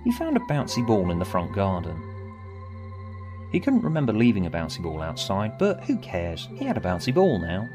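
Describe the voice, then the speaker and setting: A man reading his own story aloud, expressive, moving between bright and hushed. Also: fairly low pitch, moderate pace, over music. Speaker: author and narrator. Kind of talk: storybook narration.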